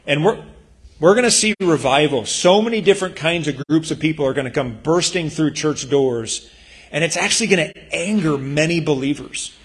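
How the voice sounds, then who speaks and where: A man's voice: a little high, fairly bright tone. A male pastor preaching in a church, talking in an earnest, conversational way with emphatic bursts. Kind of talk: sermon.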